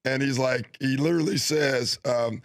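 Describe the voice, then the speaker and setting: A former basketball player chatting casually as a guest, relaxed and laughing while he recalls things. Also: mid-range voice, normal speed, creaky. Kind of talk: casual chat.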